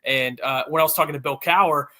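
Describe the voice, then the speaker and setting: A man talking as a guest sports reporter, casual and energetic, with quick restarts and fillers. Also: a little high.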